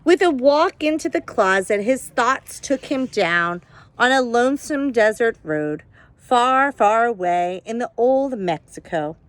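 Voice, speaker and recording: A woman reading a children's picture book aloud at home, expressive and pausing to ask her listeners questions. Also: fairly high pitch, dry recording. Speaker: storybook reader.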